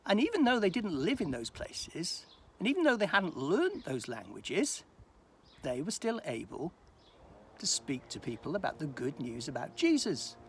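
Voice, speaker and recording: A man, a church minister, giving a gentle, animated children's talk at home. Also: a little high, moderate pace, slight background noise.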